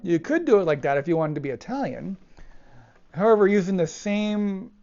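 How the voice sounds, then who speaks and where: A man teaching a piece of music, talking it through thoughtfully with pauses and restarts as he demonstrates it. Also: sits high, expressive, darkish tone. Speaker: cellist teacher. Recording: dull lo-fi with cello playing. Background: cello phrases between remarks.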